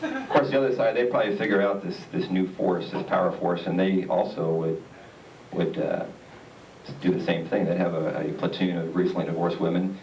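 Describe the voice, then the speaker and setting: Brief: low-voiced male stand-up comic, halting delivery, recorded far off in an echoey theater. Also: darkish tone, slight background noise. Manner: rambling, halting delivery with many "uh"s. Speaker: stand-up comedian. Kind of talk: stand-up comedy set. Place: theater stage. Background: audience laughter.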